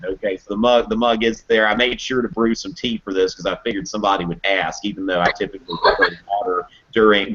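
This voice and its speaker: A man teaching history in a casual live video Q&A, chatty and animated, acting out quotes in playful voices. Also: fairly low pitch, dull audio. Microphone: webcam mic on a video call.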